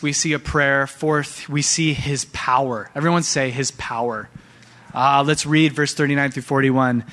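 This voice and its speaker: Pastor, male, higher-pitched, lively pulpit delivery, speaks straight to the congregation. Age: young adult to middle-aged, father of young sons. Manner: animated preaching, addresses the church directly. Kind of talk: sermon.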